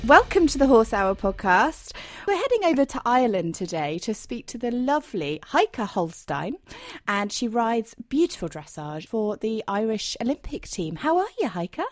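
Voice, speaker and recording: A woman's voice: fairly high pitch, big pitch swings, normal speed, no room sound, clean studio sound. A woman hosting a podcast interview, chatty and effusive, often restarting her questions. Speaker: podcast host. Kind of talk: casual interview chat.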